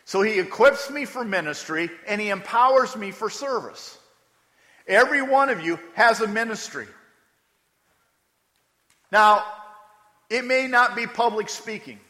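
Pastor, male, fairly high and bright voice, chatty sermon delivery with repeated emphasis, long hall reverb. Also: animated, unhurried, pauses often. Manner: conversational preaching, repeats words for emphasis.

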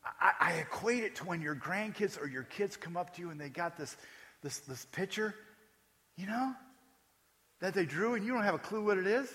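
A man preaching a sermon in a high, lively voice that jumps all over the place. He talks to the congregation as if chatting, with joking asides. His voice is bright and echoes in a large hall. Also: normal speed. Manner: animated, conversational, joking asides. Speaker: pastor.

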